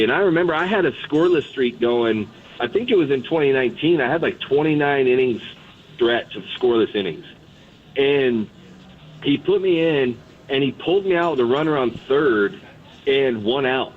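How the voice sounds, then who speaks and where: A man who played pro baseball, a guest on a sports radio show, telling candid stories from the clubhouse in a blunt, lively way. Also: medium pitch, normal speed. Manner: blunt, candid, animated retelling. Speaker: guest, former pitcher. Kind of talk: casual sports radio storytelling. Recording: tinny phone line.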